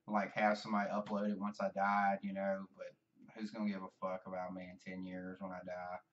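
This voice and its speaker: A man's voice: low-pitched, monotone, a little fast, recorded from a distance, muffled recording. A man with a Southern US accent, rambling profanely and self-deprecatingly in a casual vlog monologue. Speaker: vlogger.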